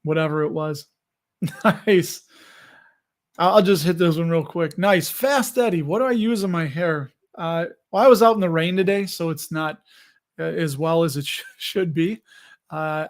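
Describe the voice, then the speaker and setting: A man's voice: fairly high pitch, unhurried. A man hosting a casual livestream, reading viewer comments and chatting loosely with frequent laughs. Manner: chatty, laughs often, self-deprecating. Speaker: livestream host reading chat. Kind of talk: casual live chat.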